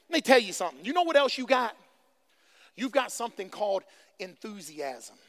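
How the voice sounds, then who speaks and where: Man, pastor, very high and bright tone; fervent call-and-response preaching, hushed to shouting. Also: sing-song, normal speed. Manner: swings between hushed delivery and shouting. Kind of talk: sermon.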